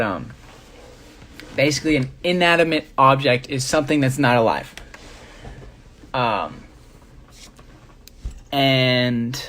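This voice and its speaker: A young man chatting casually on a live stream, rambling with many fillers as he shows his jewelry. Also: medium pitch. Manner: rambling, filler-heavy, relaxed.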